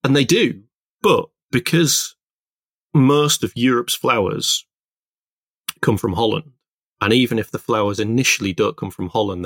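Low gravelly man, rambling casual chat. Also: no room sound, studio quality. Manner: rambling, self-interrupting storyteller. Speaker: podcast co-host, illustrator.

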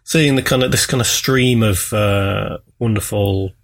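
Gravelly man, enthusiastic. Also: lowish voice, unhurried. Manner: enthusiastic, hedging with "kind of". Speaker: podcast co-host. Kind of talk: casual chat.

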